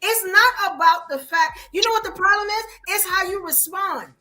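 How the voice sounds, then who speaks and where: A woman's voice: very high voice, normal speed. A woman from Brooklyn with a New York accent, hosting a podcast in casual, emphatic chat. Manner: animated, emphatic storytelling with repeated "you get what I'm saying". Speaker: podcast host.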